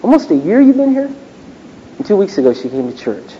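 A man's voice: high voice, sing-song, brisk. A middle-aged man, a pastor, preaching a conversational sermon and acting out bits of dialogue from everyday stories. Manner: conversational, storytelling, acts out dialogue. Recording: dull lo-fi recording with faint noise.

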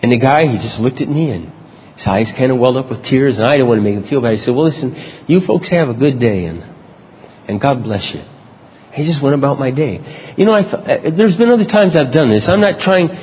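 A man preaching a sermon, telling personal stories with earnest, lively delivery. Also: fast talker, big-room sound, lo-fi sound. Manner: storytelling, earnest, lively swings in pitch. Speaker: pastor.

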